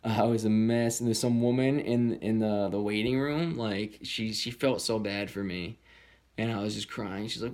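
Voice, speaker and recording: A young man telling a personal story in a candid, rambling way, swearing often and jumping into high voices when he quotes people. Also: steady tone, moderate pace. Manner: slips into high-pitched voices when quoting others.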